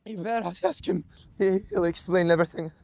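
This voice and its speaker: An urgent young soldier whose high, gravelly voice hurries along. He is earnest and pressed for time. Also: fairly quick, a little mellow.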